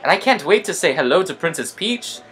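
A man's voice: on the high side, sing-song, fairly quick, a bit bright. A man voicing a chatty adult male plumber brother from a video game in a vague made-up accent.

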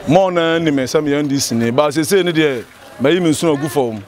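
A man giving an impassioned street interview outdoors, rising to excited pleas. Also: fairly high pitch, fast. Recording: outdoor crowd noise. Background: crowd chatter.

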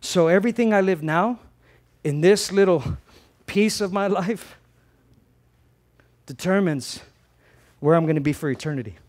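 A man preaching a sermon as a pastor, conversational and animated, often repeating words and swinging between loud emphasis and soft asides. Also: high-pitched, measured pace, long pauses.

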